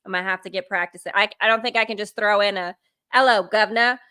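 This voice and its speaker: A woman's voice: medium pitch, steady tone, quick pace, bright, forceful tone, smooth. A woman guest co-hosting a podcast, chatting in a bubbly, enthusiastic and playful way. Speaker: guest co-host. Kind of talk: casual podcast chat.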